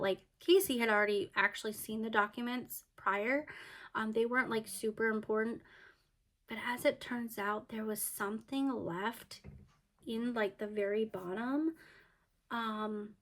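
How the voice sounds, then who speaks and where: A woman's voice: a little high, a little slow, fairly bright tone. A woman giving a casual book review, retelling the plot in a chatty way with many fillers and restarts.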